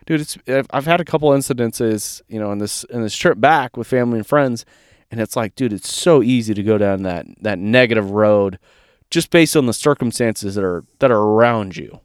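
A man's voice: lowish voice, moderate pace, smooth, no echo, clean studio sound. A man from Georgia, casually telling a story as a podcast co-host, swearing freely. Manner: animated, casual, swears freely, says dude.

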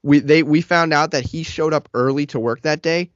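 A man's voice: on the high side, moderate pace, no echo. Man telling a work story on a lo-fi mic. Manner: animated, profane storytelling. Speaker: podcast co-host. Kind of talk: casual storytelling chat. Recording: dull, lo-fi, dry sound.

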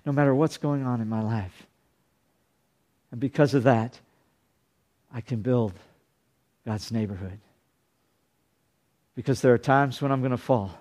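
A man's voice: medium pitch, dark tone. A man preaching a sermon as a pastor, earnest and fond of repeating his phrases.

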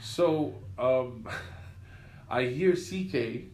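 A man's voice: mid-range voice, very slow. A man in his fifties telling stories casually as an interview guest, acting out other people's lines as he goes. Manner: lively storyteller who acts out others' lines. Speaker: radio personality guest. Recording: echoey room.

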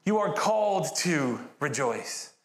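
Lively, high-voiced British preacher. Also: male voice, takes it slowly. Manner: animated, jokey, encouraging. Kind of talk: sermon. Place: church. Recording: echoey church hall.

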